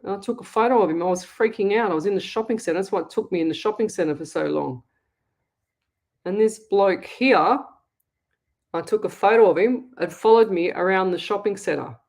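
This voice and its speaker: Middle-aged Australian woman, live call-in host, mid pitch, chatty and blunt. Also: normal speed, a little mellow. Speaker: psychic medium radio host. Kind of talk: live call-in reading, casual chat.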